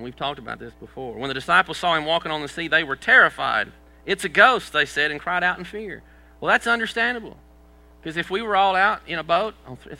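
A male pastor delivers a sermon in a slightly raised, a little high voice that is grainy with fry, very bright and forceful. He keeps it conversational, putting questions to the congregation and joking about his own shortcomings. The recording is rough.

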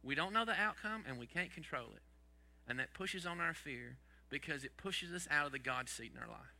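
A man's voice: on the high side, expressive, fairly quick, gravelly, pushed and bright. A man preaching a sermon as pastor, asking the congregation rhetorical questions and dropping folksy sayings.

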